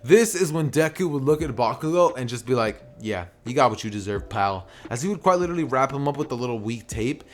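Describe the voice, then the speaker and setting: A young man narrating a fan-made story in a loose, conversational way. He rambles along with plenty of filler words, at an everyday male pitch. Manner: rambling, lots of "you know" and "basically". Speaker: YouTuber narrating fan fiction. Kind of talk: casual storytelling.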